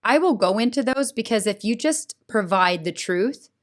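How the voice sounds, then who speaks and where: A middle-aged woman speaks as a podcast guest, recounting personal experiences with earnest feeling. She talks in an animated way, checking in with her listener with a frequent "right?". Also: a little high, normal speed. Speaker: school board president, guest. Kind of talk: emotional personal testimony in a podcast interview.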